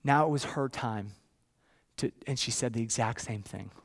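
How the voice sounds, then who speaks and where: A man in his thirties preaching a sermon, with a storytelling delivery that swings from hushed to loud. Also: mid-range voice, moderate pace. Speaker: pastor.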